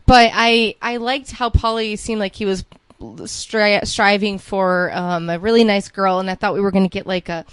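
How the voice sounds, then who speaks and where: Chatty woman gossiping on a podcast, gushy, quick asides, dry close mic. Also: medium pitch, fairly even intonation, smooth, no room sound. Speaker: podcast co-host. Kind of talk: casual gossip chat.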